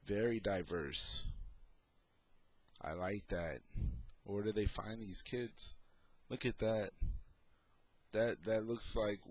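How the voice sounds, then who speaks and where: A man's voice: fairly low pitch, fairly bright tone. A middle-aged man talking in a casual, sarcastic way as he comments on photos and his own troubles. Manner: sarcastic, slow and deliberate. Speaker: vlogger.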